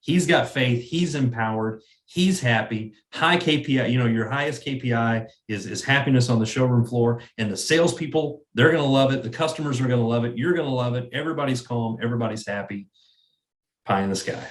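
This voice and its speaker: A man's voice: medium pitch, brisk, reverberant. A man who is a guest on an interview, speaking earnestly and often repeating words as he thinks. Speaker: guest, sales manager. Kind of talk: interview conversation.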